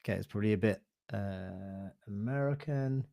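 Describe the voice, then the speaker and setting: A man presenting a live online software demo, thinking aloud in a relaxed, hesitant way with fillers and self-corrections. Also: fairly low pitch, moderate pace, creaky, no room sound. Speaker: webinar presenter.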